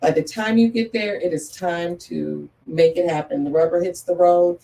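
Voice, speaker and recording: Earnest woman guest with a mellow voice. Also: lowish voice, steady tone, normal speed, creaky, far from the mic, rough recording. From Metro Atlanta area. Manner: earnest, emphatic, repeats key phrases. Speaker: guest, photographer and business owner. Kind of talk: interview talk.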